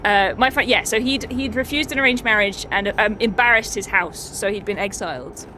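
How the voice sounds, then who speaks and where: A woman's voice: medium pitch, fairly quick, pushed and bright, slight background noise. A woman streamer chatting casually, swearing and laughing often as she recaps a tabletop game.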